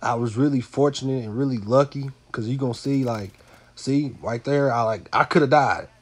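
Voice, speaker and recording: A man's voice: medium pitch, moderate pace. A man with a nasal, congested voice, a bit under the weather, giving loose, rambling commentary over his gameplay with lots of fillers and repeated words. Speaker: gaming channel host.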